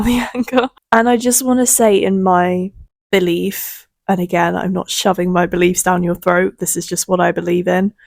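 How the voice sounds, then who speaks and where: A young woman talking through her feelings in a rambling, soft-spoken monologue full of fillers and small laughs. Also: medium pitch, no echo, studio quality. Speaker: vlogger. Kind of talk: reflective casual monologue.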